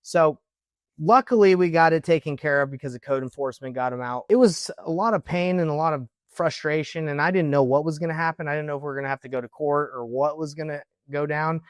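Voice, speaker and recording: A man's voice: a little high, quick pace, few pauses, clean tone, no echo, studio quality. A man, a real estate investor, casually telling a story to camera and acting out the dialogue with lots of "like". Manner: lively retelling with quoted dialogue, frequent "like".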